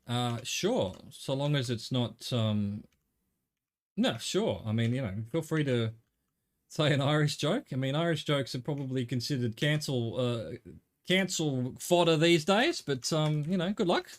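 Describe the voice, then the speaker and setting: A middle-aged man with an Australian accent streams a game, chatting casually to his viewers with rambling, wry, jokey asides to chat. His voice is medium-pitched and expressive, and he speaks a little slowly.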